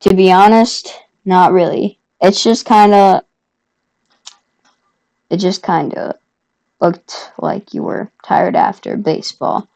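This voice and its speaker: A woman's voice: medium pitch, slow pace, creaky, long pauses, darkish tone, poor audio. A woman vlogger telling a personal story in a casual, rambling way, often correcting herself.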